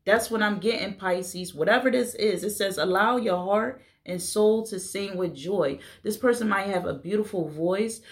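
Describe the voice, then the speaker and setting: A woman's voice: mid-range voice, normal speed, few pauses. A woman doing a casual tarot reading, talking blunt and playful and swearing now and then. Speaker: tarot reader.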